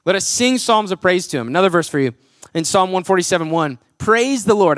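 A man's voice: sits high, expressive, fairly quick, a bit bright, no room sound, studio quality. A young adult man preaching a casual, joking sermon to his church, full of "like" fillers. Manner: chatty, jokey, full of "like" fillers. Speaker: pastor and worship leader. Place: church auditorium with a congregation.

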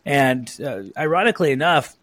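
A man's voice: fairly high pitch, a little fast, a bit bright, dry recording. A man hosting a podcast who chats casually, rambling with plenty of fillers. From Oregon, USA. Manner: chatty, rambling with many fillers. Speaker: podcast host. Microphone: own mic on a remote call.

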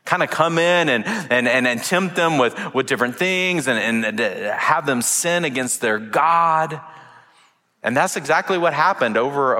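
A man preaching a sermon as a pastor, telling the story in a lively, playful way. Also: mid-range voice. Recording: long reverb of a large hall.

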